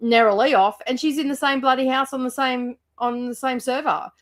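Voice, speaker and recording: A woman's voice: high voice, fairly even intonation, fairly quick. Australian woman, casual co-host, rambly and filler-heavy. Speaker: co-host of a livestream. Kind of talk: casual chat.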